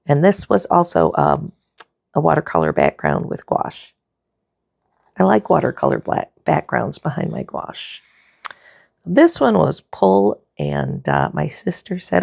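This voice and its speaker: A woman giving a relaxed, chatty tour of her art sketchbook, with frequent fillers and self-corrections. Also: sits low, measured pace, gravelly, no echo, clean studio sound. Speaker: art vlogger.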